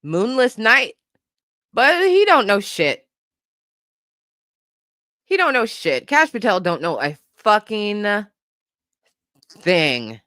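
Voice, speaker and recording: A woman co-hosting a podcast, ranting in a profane, animated way and laughing often. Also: mid-range voice, takes it slowly, long pauses, no echo, clean studio sound. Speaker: podcast co-host. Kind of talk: casual comedic commentary.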